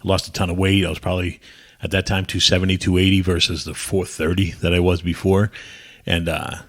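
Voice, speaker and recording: Deep-voiced and brisk, with little pitch movement, this ex-pro wrestler from New England is a guest on a podcast. In a casual storytelling interview he rambles through blunt, profane anecdotes, performing other people's lines as he quotes them.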